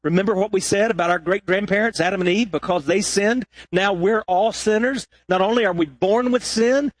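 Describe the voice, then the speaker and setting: A man preaching a sermon as pastor, dropping low and quiet and then rising to high, loud peaks. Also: brisk, no room sound.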